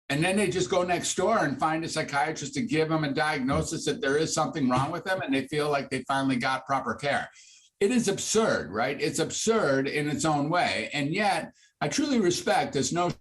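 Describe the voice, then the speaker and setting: A man in his sixties, a psychiatrist, talking freely in an interview and rising to high, lively bursts when he makes a point. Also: a little fast. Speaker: psychiatrist guest. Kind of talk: conversational interview.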